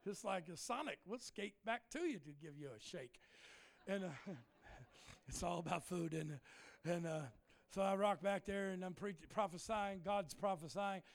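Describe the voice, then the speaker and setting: Preacher, male, middle-aged, high voice, folksy and joking, erupts into shouts mid-story. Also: unhurried. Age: middle-aged or older. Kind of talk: sermon storytelling. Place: church in front of a congregation.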